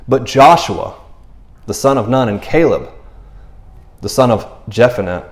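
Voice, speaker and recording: Lively, echoey man preaching a sermon. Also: medium pitch. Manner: animated, slangy, acts out quotes in character voices. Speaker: pastor.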